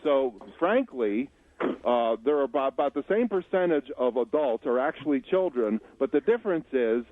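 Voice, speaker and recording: A man's voice: medium pitch, animated, moderate pace. Blunt man on a phone line. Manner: blunt, declarative. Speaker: radio guest. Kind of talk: opinionated commentary on a radio call-in show.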